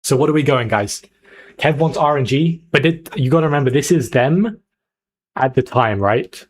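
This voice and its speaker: A man's voice: medium pitch, expressive, normal speed. Hyped young man streaming to chat. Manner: chatty, hyped, talks to chat. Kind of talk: casual livestream chat.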